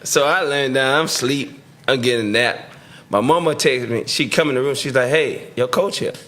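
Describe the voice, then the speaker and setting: A man's voice: mid-range voice, normal speed, a bit bright. A man, a former football player, casually telling a long story on a sports talk show and acting out the quoted lines. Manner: laid-back storyteller who acts out quotes, laughing as he talks.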